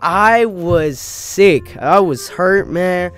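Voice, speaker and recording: High-voiced young man ranting casually. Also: drawn-out words, faint music behind. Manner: profane, animated, peppered with "bro" and "you know what I mean". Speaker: gaming YouTuber. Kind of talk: casual storytime rant.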